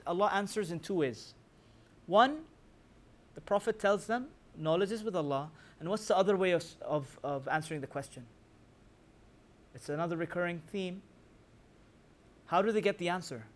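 A man teaching a Quran commentary class, quizzing his listeners with rhetorical questions and reciting verses in a quick chant. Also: high voice, expressive. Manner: recites scripture in rapid chanting. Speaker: religious teacher.

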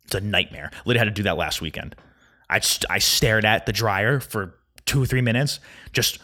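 A young man with a slightly low voice hosts his own podcast, ranting casually. He talks fast and rambles, his stories tumbling out with an anxious, nervous energy. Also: expressive, bright, forceful tone. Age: young adult. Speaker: solo podcast host. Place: Chicago.

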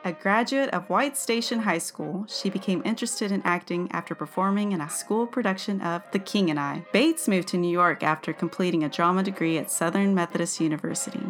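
A woman's voice: fairly low pitch, brisk, hardly any pauses, soft background music. Giggly woman podcast host reading history. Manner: giggly, stumbles over words. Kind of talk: reading history aloud, casual chat.

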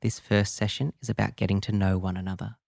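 A man tells a first-person audio drama in an intimate, raw and confessional voice. His voice is low and gravelly, recorded close and dry with no room around it. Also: level tone, quick pace, darkish tone, no room sound. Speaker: narrator.

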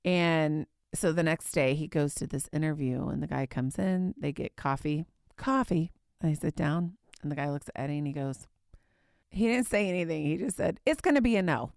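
A woman with a somewhat low voice hosts a faith podcast, spinning a personal story with animated energy. She laughs often and leans on filler words as she talks. Her voice is close and dry, with no room around it. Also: normal speed, creaky, smooth, dry recording. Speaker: podcast host. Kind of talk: casual storytelling.

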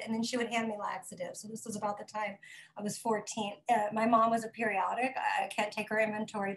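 A woman's voice: fairly high pitch, poor audio. A woman telling her own recovery story at a support meeting, speaking frankly with frequent restarts and fillers. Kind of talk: candid personal testimony.

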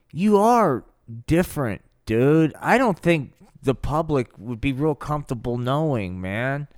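A man's voice: mid-range voice, darkish tone, clean tone, dry recording, studio quality. A man hosting a podcast, telling an improvised comedy story in a rambling, profane, slang-filled way. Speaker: podcast host.

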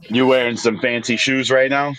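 A man's voice: medium pitch, fairly even intonation, normal speed, fairly bright tone, a little hiss or hum, poor audio. A man with a Boston accent, laid-back and jokey in casual podcast banter. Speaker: podcast co-host and wrestler.

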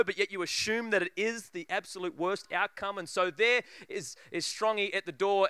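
A preacher telling a funny story in a sermon, acting out voices and laughing often. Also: male voice, sits high, pushed and bright, smooth, no echo, studio quality.

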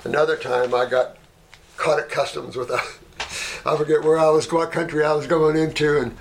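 An older man, a natural healer, telling rambling anecdotes in a casual way and getting animated when he retells them. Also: a little high, normal speed, vocal fry, a little hiss or hum. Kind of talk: casual storytelling.

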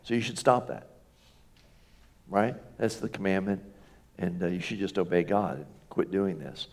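A man's voice: low voice, moderate pace, darkish tone. A man preaching as a pastor in a conversational storytelling sermon, folksy, with self-deprecating humor and rhetorical questions.

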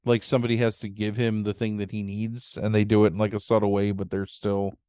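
A man's voice: on the low side, little pitch movement, brisk, dark tone, clear, resonant tone, no echo, studio quality. A man co-hosting a podcast in casual chat, easygoing and chatty with fillers.

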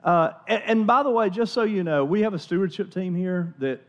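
A male pastor preaching in a relaxed, conversational way, stumbling over restarts and repeating words as he goes. His voice sits a little on the high side for a man, and he speaks from a church. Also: a little fast, dull audio. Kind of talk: sermon.

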